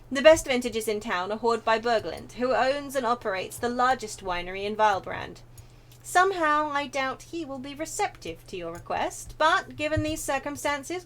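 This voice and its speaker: A woman reading the lines of a retired male mercenary in a formal, measured tone. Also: on the high side, fairly bright tone. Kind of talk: reading game dialogue aloud in character.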